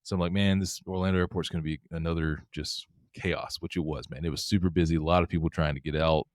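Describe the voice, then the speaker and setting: Podcast co-host, middle-aged man, low voice, quick animated storyteller, dry close mic. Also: no room sound. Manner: animated, laughing, acts out quotes. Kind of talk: casual storytelling chat.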